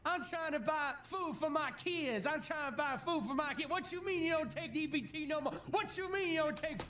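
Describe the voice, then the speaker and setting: A man's voice: extremely high pitch, normal speed, sharp tone, slight background noise, voice pushed up. A man putting on the voice of an exasperated woman pleading at a store counter, whiny and repeating herself. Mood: indignant pleading.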